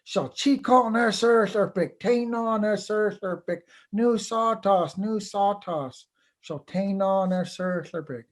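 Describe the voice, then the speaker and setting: A man's voice: sits high, voice pushed up. A man voicing a busy, impatient female acorn tree in a spoken folk tale, brusque and dismissive. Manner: brusque, hurried.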